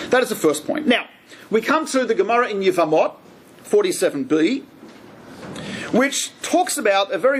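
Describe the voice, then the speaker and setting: A man, a rabbi, giving a lively lecture on religious law and acting out quoted speech with humor. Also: high-pitched, a little hiss or hum. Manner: lively, joking storyteller who acts out quoted speech.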